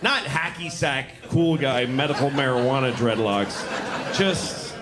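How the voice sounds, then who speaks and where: Animated, wry stand-up comedian. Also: male voice, medium pitch, unhurried, noisy background. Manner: wry, self-deprecating, animated. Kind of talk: stand-up storytelling.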